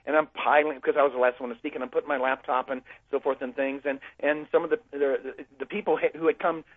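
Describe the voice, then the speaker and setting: A man's voice: medium pitch, steady tone, quick pace, breathy edge, dry recording. Man telling a story over a tinny phone line. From United States. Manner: rambling, many fillers and restarts. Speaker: guest speaker. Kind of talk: conversational storytelling.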